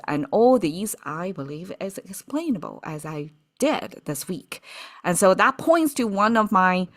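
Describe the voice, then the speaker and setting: A woman explains characters in an unhurried, thinking-aloud lesson. Her pitch sits a little low but moves a lot, and she keeps checking in with her listeners. She takes her time over each point. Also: a bit bright. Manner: thinks aloud, frequent "okay" and "right" checks, laughs at own theories. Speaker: Chinese vocabulary teacher.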